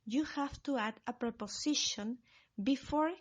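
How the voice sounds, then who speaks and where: A woman narrating a scripted Spanish lesson, reading example sentences slowly and carefully. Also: high-pitched. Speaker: Spanish teacher.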